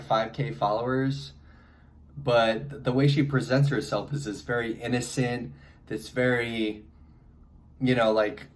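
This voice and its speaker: A young man with a congested head cold, talking casually to camera and rambling with lots of fillers and restarts. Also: medium pitch. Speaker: vlogger. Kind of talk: casual advice monologue.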